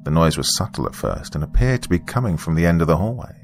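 A man narrating a first-person story in a calm, measured, reflective way. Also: low voice, background noise.

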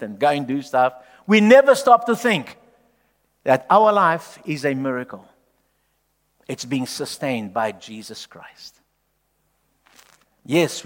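A male pastor preaching a sermon emphatically, swinging from loud declarations to hushed, low lines. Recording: long hall reverb.

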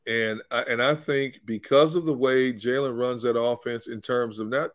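A man's voice: mid-range voice, steady tone, moderate pace, dry recording. Male sports reporter: mid-range voice, earnest explainer, dry close mic. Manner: earnest explainer, repeats points. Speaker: football reporter and analyst. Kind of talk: sports analysis on a talk show.

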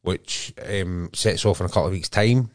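Scottish man, podcast co-host, easygoing chat, very low voice, dry close sound. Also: normal speed, dry recording. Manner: easygoing, peppered with "um". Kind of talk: casual chat.

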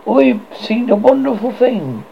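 A man reading aloud and voicing an excitable young boy who cries out breathlessly. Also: sits high, a little slow, creaky, lo-fi sound, a little hiss or hum, voice pushed up, exaggerated voice. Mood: awestruck.

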